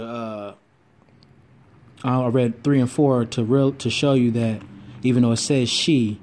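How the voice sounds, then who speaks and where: A man in an informal bible teaching video, reading scripture slowly and deliberately before breaking into eager explanation. He corrects himself often and throws in quick asides. His voice sits at an ordinary middle pitch for a man. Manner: reads verses slowly then explains them excitedly, with asides and self-corrections.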